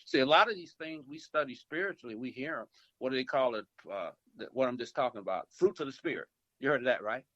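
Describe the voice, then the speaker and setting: A man's voice: medium pitch, expressive, quick pace, a bit bright, dry recording. A middle-aged man, an insurance agency owner and investor, giving rambling advice in a phone interview, with many repeats and restarts as he acts out calls with customers. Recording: dull lo-fi phone line.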